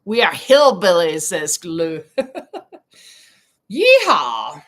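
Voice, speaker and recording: A woman's voice: lowish voice, lively intonation, slow. A woman hosting a casual live stream, chatting while she crochets, reading viewer comments aloud and laughing often. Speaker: livestream host. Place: home in Spain.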